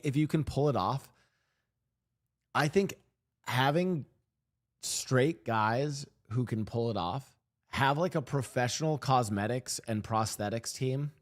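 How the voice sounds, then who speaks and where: A male streamer with an animated, swinging pitch and a medium voice. He rambles, swears casually and often restarts his sentences, picked up close on a desk microphone. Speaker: streamer reacting to videos. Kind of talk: casual reaction commentary. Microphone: streaming desk mic.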